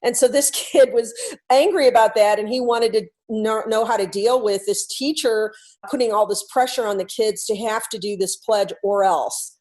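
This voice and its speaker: A woman coach telling a classroom story in a lively, conversational talk, explaining her ideas through questions. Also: fairly high pitch, moderate pace. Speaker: workplace culture coach.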